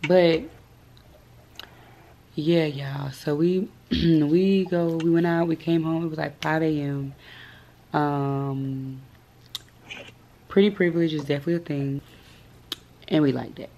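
A young woman in her twenties with a hoarse, worn-out voice, chatting casually to her vlog viewers. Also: sits low, fairly even intonation, slow pace, long pauses, dark tone, dull audio, slight background noise. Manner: chatty, storytelling, slangy. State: hoarse, lost voice. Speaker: vlogger.

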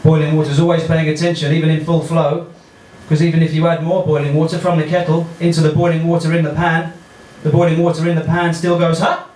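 A man with an English accent doing a stand-up comedy set in a small club, deadpan and offhand, chatting with the crowd. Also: on the high side, fast talker, hardly any pauses. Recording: echoey comedy club with loud noise.

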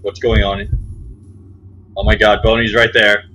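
A man's voice: lowish voice, little pitch movement, unhurried, bright, forceful tone, slight background noise, poor audio. A young man hosting his own gaming channel, giving jumpy, frightened commentary on a horror game and muttering to himself.

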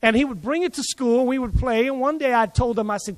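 A man preaching to his congregation with a very high-pitched voice. He tells his story in an animated way, acting out the voices of the people in it. The sound carries a long reverb from a large hall. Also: fast talker. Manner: animated, acts out quoted voices. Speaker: pastor. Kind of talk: sermon with storytelling. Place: church service.

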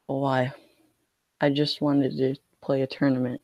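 A man's voice: medium pitch, monotone, unhurried, dry recording, highs cut off. A young man streaming a card game, complaining in a whiny, mock-scared way. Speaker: gaming streamer.

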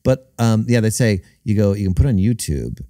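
A man talking casually as a podcast guest, halting and restarting a lot, sometimes slipping into funny voices. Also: lowish voice, animated, dark tone, no room sound, clean studio sound. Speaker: comedian guest.

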